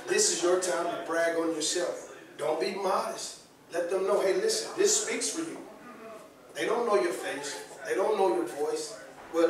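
Brief: male workshop presenter, raised voice, animated, keeps asking "all right?", captured from a distance in a very reverberant room. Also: high voice. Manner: lively, asks the audience often, repeats "all right?" and "okay?". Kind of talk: classroom workshop talk. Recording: very echoey room, voice from far off the mic.

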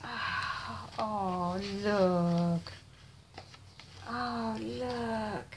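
A middle-aged woman, chatting softly and gushing, often in a whisper, while opening a gift box at home. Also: fairly high pitch, a little hiss or hum. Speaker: vlogger. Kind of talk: casual unboxing chat. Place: home, indoors.

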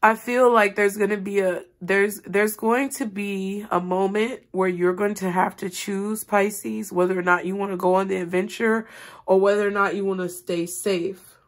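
Steady in tone and moderate in pace, this mid-range female voice belongs to a tarot reader addressing her viewers. Her talk is earnest, direct, rambling and spiritual. Through tears, her voice climbs and cracks.

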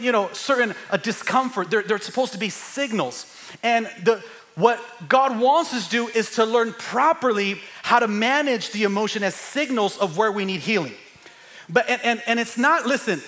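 Middle-aged male pastor, high and bright, animated preaching style that rises to shouts. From United States. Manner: energetic, joking, builds to shouting. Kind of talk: sermon. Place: church sanctuary.

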